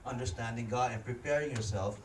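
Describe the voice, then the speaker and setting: Filipino pastor in an echoey church. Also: male voice, mid-range voice, brisk, a little hiss or hum. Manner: jokey, switches between English and Tagalog, interacts with congregation. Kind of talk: sermon. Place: church hall. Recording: echoey hall, speaker far from mic.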